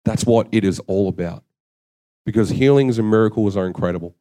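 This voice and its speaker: A man's voice: lowish voice, a little fast, dark tone. A young man preaching a sermon, earnest and conversational, telling stories against himself. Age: young adult. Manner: conversational, earnest, self-deprecating storytelling.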